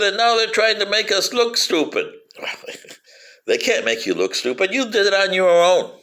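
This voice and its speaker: Mocking high lively man, sing-song taunts. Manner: sarcastic, teasing sing-song taunts and cackling; rambling with frequent fillers. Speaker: political commentator. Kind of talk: mocking monologue to camera.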